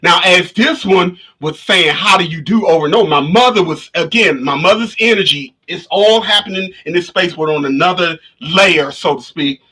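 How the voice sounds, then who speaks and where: A spiritual vlogger speaks at normal speed with hardly any pauses, his high-pitched voice sharp and breathy. He casually tells his live audience a story full of restarts and repetitions, captured by the camera on his livestream rig.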